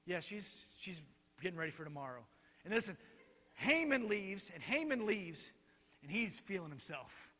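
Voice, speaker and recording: A male pastor telling a Bible story in an animated, joking way while directing helpers on stage, in a reverberant church hall. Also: high voice, moderate pace. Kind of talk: children's Bible lesson storytelling.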